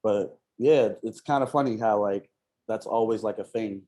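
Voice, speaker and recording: A man's voice: fairly low pitch, normal speed, mellow. A man, a rapper chatting casually as a podcast guest, laid-back and slangy, laughing often. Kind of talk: casual chat.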